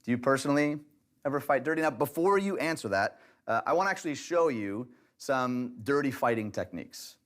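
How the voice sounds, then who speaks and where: A man of middle pitch teaches a church relationship session on camera. His delivery is direct and conversational, with a wry, light humor woven in. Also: animated, fairly quick, fairly bright tone. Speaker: pastor teaching a relationship class.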